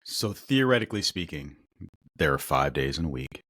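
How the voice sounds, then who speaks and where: A man co-hosting a podcast, rambling through stories in casual chat with an animated, storytelling manner. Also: a bass voice, normal speed, no echo, clean studio sound. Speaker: podcast co-host.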